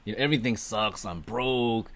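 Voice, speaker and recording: A man's voice: lowish voice, moderate pace, fairly bright tone. Guy in his thirties cohosting, chill, backs his friend up. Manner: supportive listener, reasoned replies. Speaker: podcast co-host. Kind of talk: casual podcast chat.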